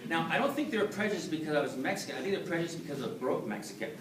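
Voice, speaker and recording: A man performing a stand-up comedy set, telling a story in an animated way and putting on voices for the punchlines. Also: on the high side, racing, distant mic, heavy background noise. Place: live venue with audience. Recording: echoey room, mic heard from afar, loud audience laughter. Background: audience laughing.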